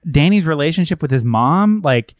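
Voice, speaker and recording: Enthusiastic man, slightly high voice. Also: expressive, normal speed, no room sound, studio quality. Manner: enthusiastic, gushing, acts out quotes. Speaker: podcast co-host. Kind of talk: casual film discussion.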